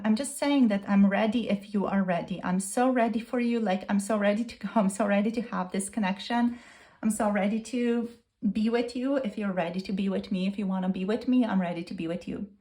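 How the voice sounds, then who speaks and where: A woman's voice: medium pitch, a little mellow. A woman tarot reader speaking a channeled message in the first person, earnest and gushing, repeating herself.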